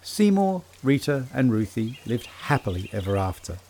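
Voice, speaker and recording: Man, children's story narrator, gentle, measured, medium pitch, faint background hiss. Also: big pitch swings.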